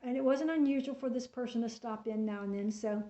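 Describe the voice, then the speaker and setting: High-voiced woman telling a faith story. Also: a little fast. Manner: chatty, animated retelling with quoted dialogue. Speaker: storyteller sharing a faith testimony. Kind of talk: casual spoken testimony. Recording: echoey room, dull lo-fi sound.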